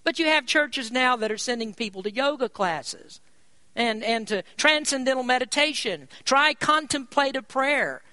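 A preacher giving a sermon, stressing key points by rising in pitch and volume and slowing down on important words. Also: lively intonation, pushed and bright, no echo. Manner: slows down to drive words home.

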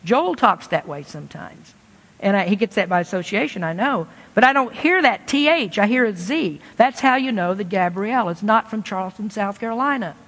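A man's voice: high voice, expressive, moderate pace, fairly bright tone. A Kentucky-born man preaches, chatting with his congregation in a folksy, plain-spoken way. His voice rings out with a long reverb from a church hall. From Kentucky, USA. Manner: folksy, conversational preaching with homespun asides. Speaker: pastor. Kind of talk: sermon.

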